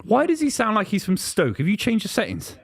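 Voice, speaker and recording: A man co-hosting a live football stream, jokey and animated. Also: high voice, brisk, husky, dry recording. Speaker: podcast co-host. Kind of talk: casual chat on a live stream.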